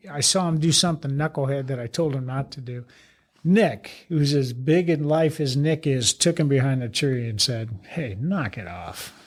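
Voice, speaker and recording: Blunt older man telling long stories. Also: mid-range voice. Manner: rambling, blunt, salty, self-deprecating. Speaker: retired fire chief, guest. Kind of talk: storytelling interview talk.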